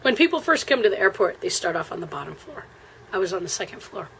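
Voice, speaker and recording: A woman with an American accent recounts a trip in a relaxed, chatty way. She rambles, fills pauses with ums and uhs, and keeps clearing her throat. A faint hiss of noise sits behind her voice. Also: mid-range voice, rough recording. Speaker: traveler telling a trip story. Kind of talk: casual spoken storytelling.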